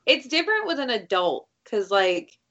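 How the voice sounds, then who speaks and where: A woman co-hosting a casual chat, telling stories in an animated way, acting out quotes and swearing freely. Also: on the high side, moderate pace, dull audio.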